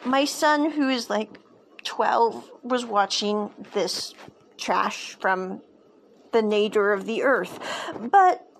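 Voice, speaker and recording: A woman's voice: medium pitch, slow, slight background noise. A woman chatting casually as a show reviewer, enthusiastic and prone to digressions.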